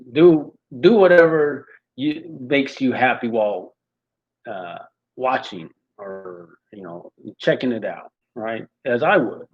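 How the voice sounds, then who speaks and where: A man thinking aloud while he writes and rehearses rap lines, chanting them over and over and then musing quietly to himself. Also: medium pitch, lo-fi sound. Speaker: amateur rapper writing lyrics.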